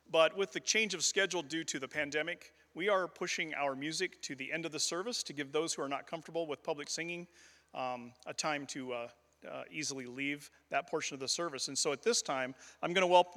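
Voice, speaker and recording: A man's voice: fairly high pitch, pushed and bright. A man leading a church service, making announcements with hesitant fillers before introducing the preacher. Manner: halting, with fillers. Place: church sanctuary. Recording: long reverb of a church hall.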